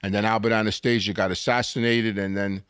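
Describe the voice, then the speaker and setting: An older man spins his stories in a lively, animated way, jumping in pitch when he acts out what people said. His voice is close and dry, with no room sound around it. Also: a little fast, clean tone, dry recording. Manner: animated storyteller acting out quotes, frequent restarts. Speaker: guest. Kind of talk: storytelling interview.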